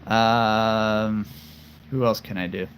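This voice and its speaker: A man's voice: fairly low pitch, steady tone, takes it slowly, a bit bright, slight background noise. A man chatting casually to camera about the voices he can do, playful, rambling and self-deprecating. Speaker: voice performer showing off voices.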